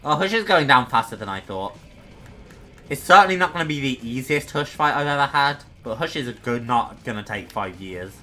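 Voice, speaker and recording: A man's voice: mid-range voice, lively intonation, a little fast, bright, forceful tone. A young man casually commenting on his own gameplay, chatty and self-deprecating as he talks himself through a boss fight. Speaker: gaming streamer.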